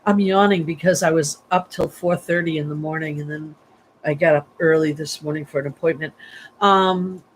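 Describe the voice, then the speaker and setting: A woman's voice: deep voice, steady tone, moderate pace, slight background noise, low-quality recording. A woman giving a psychic reading on a livestream, rambling and chatty with many fillers and restarts, sleepy and yawning. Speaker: psychic medium.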